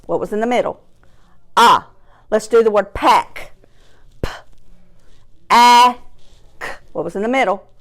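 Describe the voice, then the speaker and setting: A woman teaching a phonics lesson to young children, breaking words into slow, clearly separated sounds and encouraging them along. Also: mid-range voice.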